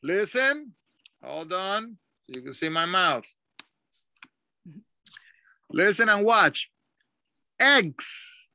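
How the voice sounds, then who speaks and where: A man's voice: sits high, big pitch swings, slow, creaky, pauses often, pushed and bright, dry recording. A man teaching English over a video call, patiently drilling pronunciation and switching into Spanish. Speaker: ESL teacher. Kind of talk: online English lesson.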